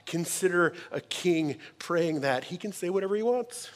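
Animated preaching man in a reverberant hall. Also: on the high side, normal speed. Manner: animated, emphatic preaching with conversational asides. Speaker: pastor. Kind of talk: sermon.

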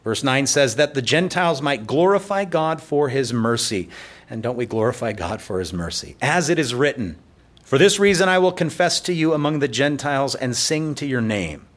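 A pastor preaching a sermon in church, explaining scripture in a conversational way with playful asides. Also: male voice, mid-range voice, expressive, moderate pace.

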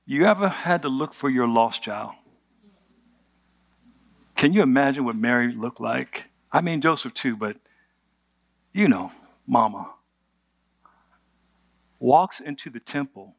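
A man's voice: mid-range voice, expressive, measured pace, gravelly, long pauses. Conversational male preacher. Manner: conversational, humorous, with rhetorical questions. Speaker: pastor. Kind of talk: sermon.

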